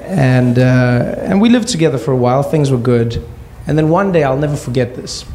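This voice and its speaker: A man in his thirties from South Africa, telling a stand-up comedy story and acting out quoted voices in sudden high-pitched bursts. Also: lively intonation, normal speed, dark tone.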